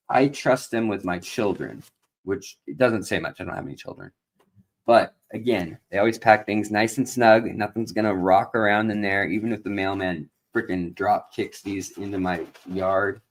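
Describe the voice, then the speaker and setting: A man hosting a casual aquarium livestream from an indoor studio, rambling and joking with lots of fillers. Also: fairly low pitch. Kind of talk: casual live-stream chat.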